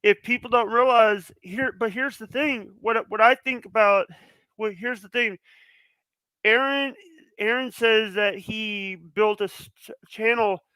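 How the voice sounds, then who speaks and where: A man's voice: high voice, fairly even intonation, a little slow, pushed and bright, smooth, no echo, poor audio. A man talking as a podcast guest in a casual chat, rambling and emphatic, often restarting his sentences.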